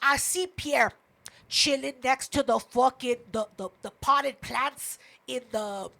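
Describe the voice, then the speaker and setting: A woman's voice: high-pitched, slow, gravelly, bright, forceful tone. A woman co-hosting a podcast, telling a story in casual chat, emphatic, heated and full of swearing. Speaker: podcast co-host.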